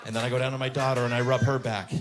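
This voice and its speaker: A man in his thirties doing stand-up about his kids, telling it deadpan and jumping into high shrill voices for them. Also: racing. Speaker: stand-up comedian. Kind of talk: stand-up comedy. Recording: live club show with faint crowd noise.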